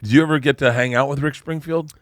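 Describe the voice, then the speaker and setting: A man's voice: mid-range voice, fairly even intonation, quick pace, no echo, studio quality. A man hosting a podcast in casual chat, joking and rambling with frequent restarts. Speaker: podcast host.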